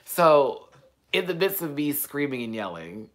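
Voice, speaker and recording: Sassy animated man ranting. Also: normal speed. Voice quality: animated, sassy, profane, swings between loud outbursts and low asides. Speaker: vlogger. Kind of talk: casual storytelling rant.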